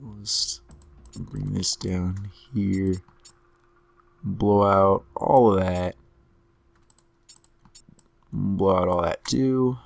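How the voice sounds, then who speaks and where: A man commentating his own strategy game play in a relaxed way, talking through each move while he is losing his voice. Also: sits low, creaky, no room sound. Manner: unhurried, talks through each move to himself. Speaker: gameplay commentator.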